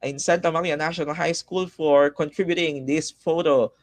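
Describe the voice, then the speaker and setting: A man with a Filipino accent teaching an online class live, switching between Tagalog and English and reading student comments aloud in a lively, coaxing way. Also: fairly high pitch, moderate pace. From Philippines.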